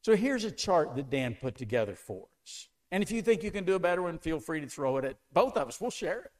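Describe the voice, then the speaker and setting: A man's voice: fairly high pitch, very animated, fairly quick. A man preaching a sermon to a congregation, asking them one question after another with an emphatic delivery. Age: older.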